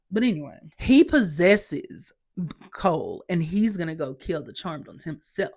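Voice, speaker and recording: A woman hosting a podcast, giving a sassy, exasperated, animated recap of a TV episode. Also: on the low side, measured pace. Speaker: podcast host.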